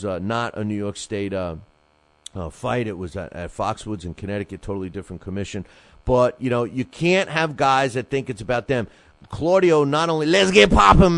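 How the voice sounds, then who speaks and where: A man's voice: mid-range voice, no room sound. Rambling, fired-up man hosting a boxing show. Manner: rambling, animated, many restarts and fillers. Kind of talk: casual radio-style commentary.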